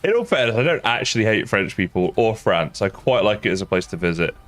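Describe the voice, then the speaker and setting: A man's voice: on the low side, very animated, fast talker, fairly bright tone. A young man chatting casually while streaming a game, self-mocking and laughing often. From England. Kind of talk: casual live-stream chat while gaming.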